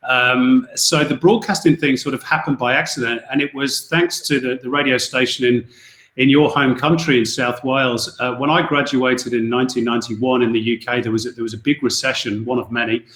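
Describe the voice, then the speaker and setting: A man's voice: mid-range voice, fairly quick. Englishman telling stories in an echoey room. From England. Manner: relaxed storytelling, frequent fillers and restarts. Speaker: guest sports commentator. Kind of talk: casual podcast interview.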